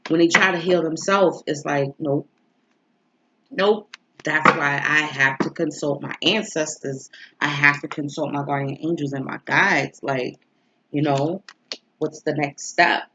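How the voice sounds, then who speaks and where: A woman with a fairly low voice talks in a casual, confessional vlog style, rambling and emotional with a stuffy nose. Her voice comes through a dull, lo-fi home recording with a faint hiss behind it. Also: steady tone, unhurried, fairly bright tone. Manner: emotional, rambling, rhetorical asides. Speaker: astrology and tarot reader.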